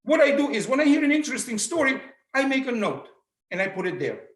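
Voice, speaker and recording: Russian accent guy, middle aged, speaking to a group, voice goes all over the place, kinda high, echoey room. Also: fast talker. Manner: animated storyteller, acts out quoted voices. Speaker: motivational speaker. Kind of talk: public speaking talk.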